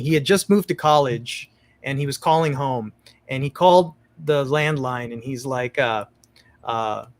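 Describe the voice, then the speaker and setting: High-voiced man telling an excited story. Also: no echo. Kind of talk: animated storytelling.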